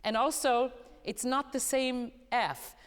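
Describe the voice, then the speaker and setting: A woman teaching a vocal master class, animated and playful, who often sings short phrases to show what she means. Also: on the high side, takes it slowly, background noise. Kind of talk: coaching a singer in a master class. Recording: hall reverb, live concert hall.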